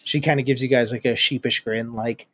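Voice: medium pitch, steady tone, brisk, a bit bright. A game master narrating a tabletop role-play in a chatty, giggly way.

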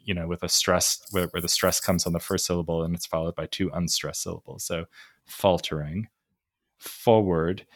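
A podcast host with a very low voice questions his guest about a poem. He talks in halting stretches and corrects himself as he goes. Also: level tone, a bit bright. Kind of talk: casual podcast discussion of a poem.

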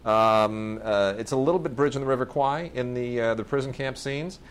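At normal speed and medium pitch, this podcast host talks films in a smooth voice. The casual review chat is enthusiastic, though he often restarts his sentences.

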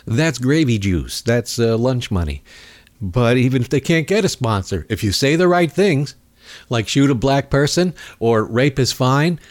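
A man hosting a talk radio show, talking in a rambling, sarcastic way with mocking asides. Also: mid-range voice. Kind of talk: casual political talk radio monologue. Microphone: studio microphone.

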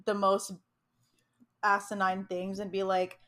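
A woman co-hosting a casual movie podcast, chiming in with quick agreement and sarcastic asides. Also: medium pitch, completely flat delivery, fairly bright tone. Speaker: podcast co-host. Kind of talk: casual chat about a movie.

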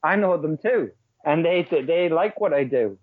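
A podcast guest with a fairly high, breathy male voice talks brashly in a casual chat, swearing a lot and speaking fast and animated. The call line sounds tinny and dry, with no room sound.

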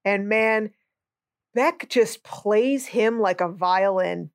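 A woman's voice: medium pitch, slow, no echo, studio quality. A woman co-hosting a movie podcast in a casual chat, wry and sarcastic, laughing often. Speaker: podcast co-host.

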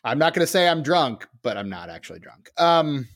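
A man's voice: a little high, very animated, brisk, a bit bright. A man co-hosting a podcast in casual chat, joking and rambling with lots of fillers. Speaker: podcast co-host.

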